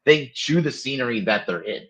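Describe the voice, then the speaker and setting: A man co-hosting a casual movie review podcast, talking in an animated, loose way. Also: medium pitch, moderate pace. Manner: animated, laughs easily, loose phrasing. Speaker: podcast co-host. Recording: dull lo-fi audio.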